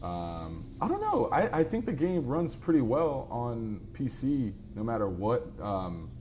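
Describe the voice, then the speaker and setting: A man streams a game live and chats casually with viewers, rambling easily as he answers their comments. His voice is medium in pitch but swings widely, with a dark tone and an unhurried pace. There's slight background noise.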